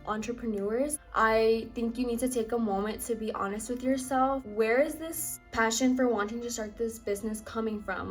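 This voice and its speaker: A woman in her twenties, a home baker, chatting to camera for her vlog in a bubbly, fast, gushing way. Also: fairly high pitch, darkish tone. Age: 20s. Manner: bubbly, talks fast and gushes. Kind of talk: casual chat to camera.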